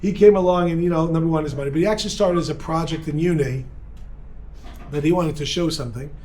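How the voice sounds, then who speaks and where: High-voiced energetic rabbi lecturing. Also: male voice, fast. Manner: energetic, joking, talks with the crowd. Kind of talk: lively seminar talk to a live audience. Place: room with a live audience.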